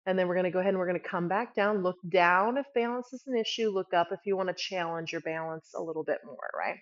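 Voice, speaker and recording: A woman teaching a guided yoga class, giving calm step-by-step cues and often checking in with a quick "right?". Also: on the low side, muffled recording.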